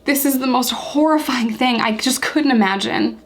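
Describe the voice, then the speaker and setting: A woman's voice: high voice, moderate pace. A young woman from the United States hosting her own vlog, speaking earnestly and with open outrage, repeating points for emphasis. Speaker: YouTube channel host. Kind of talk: impassioned commentary vlog.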